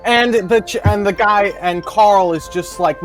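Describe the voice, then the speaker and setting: A man improvises a rambling comic tale over a video call. His voice sits high for a man and stays animated. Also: unhurried, hardly any pauses, music in the background.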